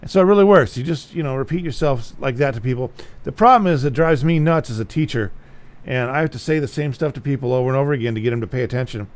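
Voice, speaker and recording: A man's voice: mid-range voice, expressive, quick pace, few pauses. A man giving a casual guitar lesson, talking bluntly and repeating himself to drive a point home. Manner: blunt, repetitive, plain-spoken. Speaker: guitar teacher.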